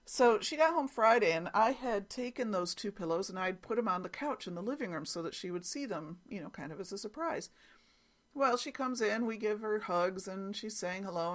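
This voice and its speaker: A woman's voice: mid-range voice, a bit bright. A middle-aged woman hosting a casual solo podcast, chatting and telling stories with frequent laughs and fillers. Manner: chatty storyteller, laughs often, many fillers. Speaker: podcast host.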